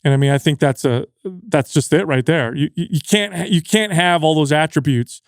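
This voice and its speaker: A man chatting on a podcast and telling a story in a lively way, with casual swearing. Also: on the high side, normal speed, no room sound, clean studio sound. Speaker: podcast guest, fitness co-host.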